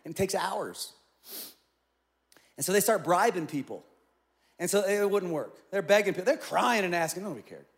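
A middle-aged man preaching from a church stage, his voice sitting a bit high for a man. He tells a story, playing out the quotes, and moves between quiet, low moments and loud, excited ones. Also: moderate pace, vocal fry, long pauses. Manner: storytelling, animated with acted-out quotes. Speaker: pastor. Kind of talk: sermon. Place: large church auditorium.

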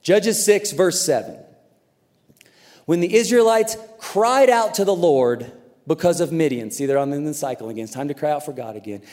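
Male pastor, high voice, lively sermon delivery swinging between quiet asides and loud quotes, long reverb of a big church room. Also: moderate pace. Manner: animated, jumps between soft asides and loud acted-out quotes.

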